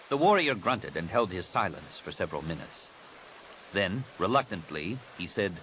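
Male audiobook narrator, low, husky, lively range. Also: normal speed, a little hiss or hum, low-quality recording.

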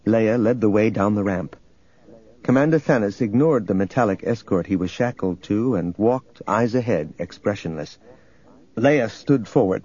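A male narrator reading a novel aloud in even, steady storytelling. His voice is husky, of middling pitch, and the recording sounds dull and slightly muffled. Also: normal speed. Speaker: audiobook narrator. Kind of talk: scripted narration.

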